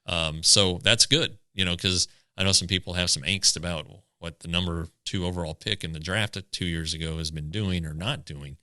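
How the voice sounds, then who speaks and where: Deep-voiced guy cohosting a baseball podcast, lots of stops and restarts, super dry close sound. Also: fairly even intonation, sharp tone, dry recording. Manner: halting, many restarts, analytical about stats. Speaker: podcast co-host. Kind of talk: casual sports chat.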